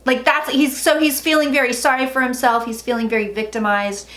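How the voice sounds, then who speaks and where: A woman's voice: a little high, steady tone, fairly quick, a bit bright. Chatty psychic woman, echoey room. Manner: chatty, blunt, swears freely. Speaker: psychic tarot reader. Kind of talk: casual tarot reading monologue. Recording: echoey room with faint noise.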